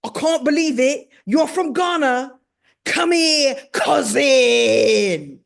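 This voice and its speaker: A woman's voice: high voice, expressive, slow, creaky, pitched above the performer's own voice, exaggerated voice. A woman voicing a friendly, laid-back British man who talks in casual street slang. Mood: playful.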